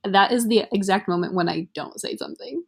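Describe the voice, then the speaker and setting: A young woman of middling pitch co-hosting a casual podcast. She tells anecdotes frankly and laughs often as she goes. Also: brisk, creaky. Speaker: podcast co-host. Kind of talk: casual chat.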